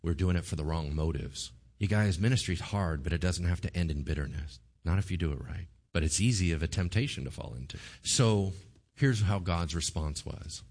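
A man preaching a sermon, retelling a story in an animated way and acting out the voices of the people in it. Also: deep voice, a little fast. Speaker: pastor.

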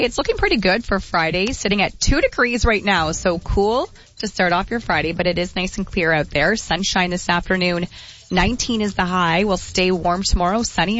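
A friendly woman presenting the weather on a morning radio show, her voice sitting a bit low for a woman. The broadcast audio is slightly muffled. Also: a bit bright. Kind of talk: casual weather report and banter.

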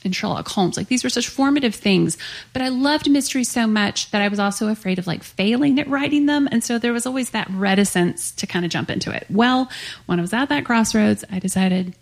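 Chatty woman writer in a live interview; some vocal fry. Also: on the high side, brisk. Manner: chatty, many likes and ums. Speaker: author being interviewed. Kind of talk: conversational interview. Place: onstage at a live author event.

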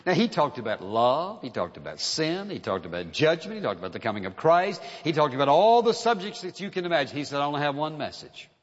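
A man's voice: fairly high pitch, sing-song, fast, few pauses, long reverb tail, dull audio. A man preaching a sermon in an earnest, emphatic way, driving points home with repeated phrases.

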